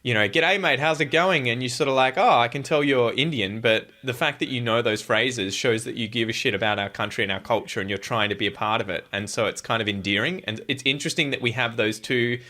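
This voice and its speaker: A man with an Australian accent, chatting as a podcast guest, animated and quick to laugh. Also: medium pitch. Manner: animated, laughs often, slips into funny voices for quotes. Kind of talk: casual podcast chat.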